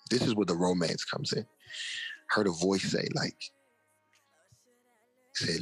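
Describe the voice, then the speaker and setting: A man's voice: low-pitched, a little slow, long pauses, fairly bright tone, husky, soft background music. A young man, an interview guest and author, telling a personal testimony in casual slang and acting out the voices of people he quotes.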